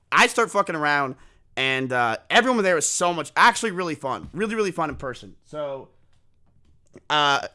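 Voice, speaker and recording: Young male streamer, high-pitched, swearing, animated storyteller. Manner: animated, swearing, self-mocking. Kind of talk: casual storytelling to stream chat.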